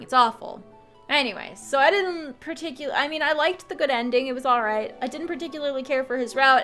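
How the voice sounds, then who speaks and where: A woman's voice: medium pitch, a bit bright. A woman hosting a game channel, reviewing a game ending in a casual, chatty way with lots of fillers.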